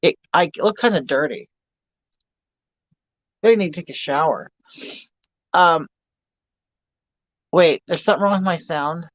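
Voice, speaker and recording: A man's voice: fairly high pitch, measured pace, pauses often, no room sound. A man in his fifties chats through a livestream in a campy, gossipy manner, full of crude jokes and chatter. The audio is dry and close, with a dull lo-fi livestream sound. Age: 50s. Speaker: livestream host. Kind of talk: casual livestream chat reading viewer comments.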